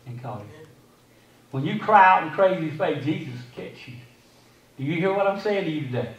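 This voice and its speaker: A man preaching a sermon as pastor, quoting scripture and repeating phrases, swinging between loud and hushed delivery. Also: fairly high pitch, lively intonation, moderate pace. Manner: quotes scripture. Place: church sanctuary. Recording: echoey sanctuary from a distance.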